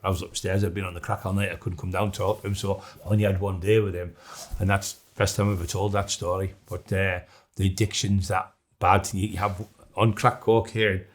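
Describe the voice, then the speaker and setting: Casting note: middle-aged man, somewhat low voice, blunt documentary interviewee who rambles and restarts. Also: little pitch movement, fairly quick.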